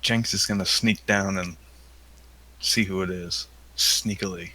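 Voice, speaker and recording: A man's voice: low voice, fairly even intonation, measured pace, pushed and bright, rough recording. A man playing a tabletop game, playfully declaring his character's actions. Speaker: player.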